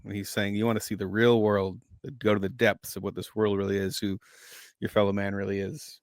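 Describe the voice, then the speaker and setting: Animated, easily amused male co-host. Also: fairly low pitch, fairly quick, no echo, studio quality. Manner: animated, laughs easily, restarts his sentences. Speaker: podcast co-host. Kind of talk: casual commentary chat.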